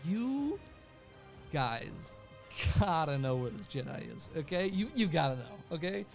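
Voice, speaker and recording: A man doing a smug inquisitor's sales pitch. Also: big pitch swings, a little slow, gravelly, faint music behind, full character voice. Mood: wheedling. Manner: wheedling salesman patter. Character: smug male inquisitor making a sly offer.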